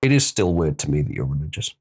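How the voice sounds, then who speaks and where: Guy running a live stream, lively up and down voice, swears a bit, reads chat out. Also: rumbling low, fast, breathy edge. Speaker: livestream host. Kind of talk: casual livestream chat.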